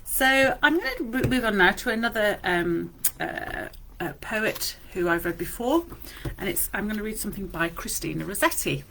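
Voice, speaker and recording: A woman, a librarian, chatting casually with frequent fillers in a library and reading poems aloud slowly and deliberately. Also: mid-range voice, expressive, gravelly, pushed and bright, a little hiss or hum. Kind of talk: casual chat and poetry reading.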